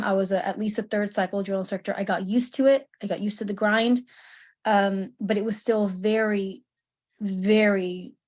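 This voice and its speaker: A woman in her thirties, a veteran on a panel, telling her story casually over a video call, with many fillers and restarts. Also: medium pitch.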